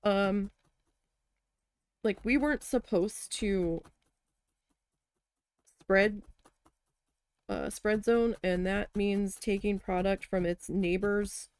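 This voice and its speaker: A woman's voice: medium pitch, fairly even intonation, slow pace, pauses often, a little mellow, smooth, no echo. A woman telling a story in casual chat while crafting, chatty and exasperated, swearing now and then. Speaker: craft vlogger.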